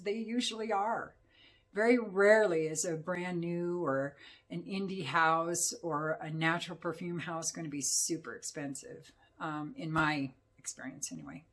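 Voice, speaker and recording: A woman giving a casual, rambling perfume review, talking with many fillers. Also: medium pitch. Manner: chatty, rambling, full of fillers.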